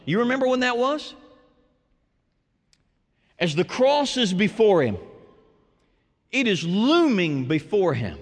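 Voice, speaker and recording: A man preaching a sermon as a pastor, shifting from hushed, drawn-out phrases to loud, emphatic lines. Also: high-pitched. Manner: dramatic preaching, dropping to hushed tones and rising to shouts. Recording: long hall reverb.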